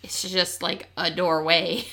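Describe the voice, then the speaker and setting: A woman's voice: fairly low pitch, little pitch movement, takes it slowly, pushed and bright. A woman hosting a podcast, chatty and playful, rambling through casual talk and sign-offs. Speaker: podcast host. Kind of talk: casual chat.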